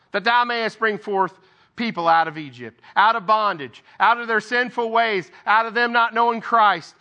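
A lay preacher gives an informal Bible devotional, reading scripture aloud and pausing for conversational asides. His voice is high-pitched, bright and forceful at a moderate pace, and the sound is lo-fi.

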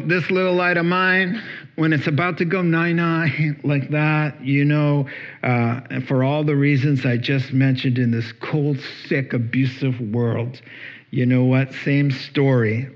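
A male pastor giving a folksy, animated sermon and chuckling often, then leading a prayer. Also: mid-range voice, highs cut off. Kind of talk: conversational sermon.

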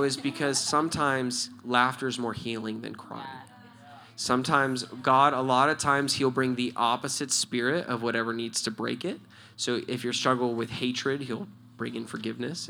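Animated, bright-voiced male church leader. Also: medium pitch, gravelly, a little hiss or hum. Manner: animated, storytelling, laughs often. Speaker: church leader answering questions. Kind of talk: casual spoken teaching.

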